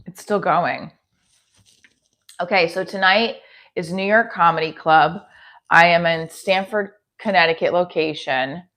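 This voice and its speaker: This forties-aged comedian talks from her kitchen on a livestream, answering viewers' comments out loud in a relaxed way. Her New Jersey-accented voice sits on the low side and sounds a bit bright.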